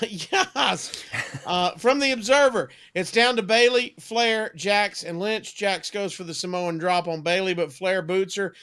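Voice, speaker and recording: Bright high-voiced male podcast co-host. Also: smooth. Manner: brisk recap narration with light asides. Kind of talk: reading a match recap.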